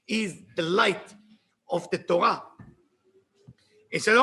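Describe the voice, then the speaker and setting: Bright, gravelly man telling a lesson story. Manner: animated, bursts into shouting at dramatic moments, then drops low; reads passages aloud in fast Hebrew, then translates. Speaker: Kabbalah teacher. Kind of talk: retelling a story.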